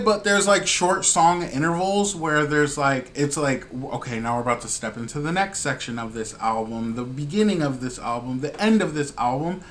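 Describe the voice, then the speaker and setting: A man chats casually about songs he has just heard, gushing and slangy throughout. His voice sits a little high for a man, and his tone stays excitable. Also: slight background noise. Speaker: music reaction host. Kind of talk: casual reaction commentary.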